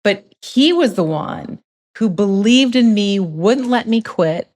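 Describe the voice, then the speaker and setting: A woman's voice: mid-range voice, expressive, slow pace, a little mellow. A middle-aged woman hosting a podcast, chatting and reflecting in a casual conversation. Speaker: podcast host.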